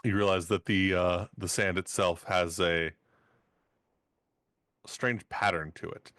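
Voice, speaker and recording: A man running a tabletop game as game master, setting scenes in slow, descriptive narration. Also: low voice, steady tone, fairly bright tone, no echo, studio quality.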